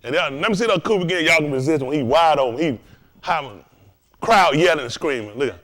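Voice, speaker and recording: An animated man hosts a loose, joking lesson talk. His voice runs high and swings widely in pitch. He tells stories full of laughter. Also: fairly quick. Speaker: host and teacher.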